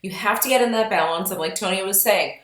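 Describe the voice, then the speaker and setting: A woman co-hosting a podcast, talking in an earnest, chatty way that turns animated when she quotes people. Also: medium pitch, quick pace. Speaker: podcast co-host. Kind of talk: casual podcast talk. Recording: roomy echo.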